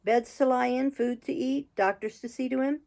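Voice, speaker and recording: Woman voicing a gruff Highlander. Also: fairly even intonation, moderate pace, a little mellow. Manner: gruff, grumbling, feigned fury. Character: wily fierce Scottish male Highlander, roguish.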